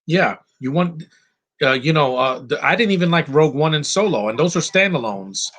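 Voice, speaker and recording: A man's voice: a little high, lively intonation, moderate pace, fairly bright tone. A man giving casual live commentary over a film, opinionated and rambling, with frequent fillers and restarts. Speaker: movie commentary host.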